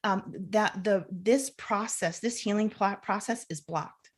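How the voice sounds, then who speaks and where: Speaking slowly in a mid-range, slightly rough voice, this woman is a clinical social worker interviewed on a podcast. Her explanations run long, with sentences often begun again, and she lively performs her own inner self-talk.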